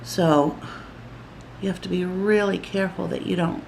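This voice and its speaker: A woman's voice: fairly low pitch, steady tone, normal speed, creaky, darkish tone, a little hiss or hum. Chatty woman rambling while doing makeup. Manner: chatty, rambling, giggly and flustered. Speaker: vlogger.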